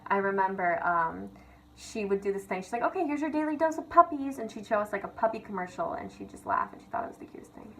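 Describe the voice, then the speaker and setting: A woman's voice: mid-range voice, fairly even intonation, quick pace, a bit bright, a little hiss or hum, poor audio. Young woman ranting, lots of "like". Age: young adult. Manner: chatty, swears, lots of "like" and "literally". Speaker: vlogger. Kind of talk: casual confessional rant.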